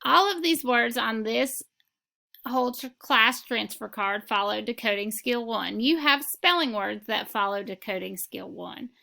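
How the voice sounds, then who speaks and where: A woman teaching a phonics lesson, reading words and sentences slowly and pausing so students can repeat them. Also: a little high, lively intonation, creaky, pushed and bright. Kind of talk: slow, deliberate phonics lesson. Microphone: recorded lesson video.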